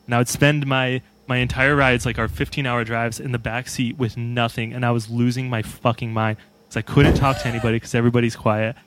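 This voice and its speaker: A man's voice: medium pitch, little pitch movement, fairly quick, a bit bright, slight background noise. A man who plays in a band talks in a laid-back, profane, self-mocking way during a casual chat. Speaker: band member.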